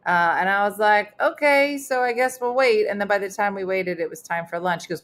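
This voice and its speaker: A woman's voice: fairly low pitch, a little fast, hardly any pauses, fairly bright tone, a little hiss or hum. A middle-aged woman, a comedian hosting a casual online chat show, telling stories with lots of fillers. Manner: chatty storyteller with many fillers. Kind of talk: casual live-stream chat.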